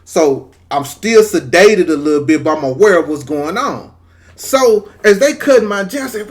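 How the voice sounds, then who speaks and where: Animated profane man telling a story. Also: high voice, normal speed. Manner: animated, profane, acts out quoted voices. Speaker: storyteller vlogger. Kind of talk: casual storytelling to camera.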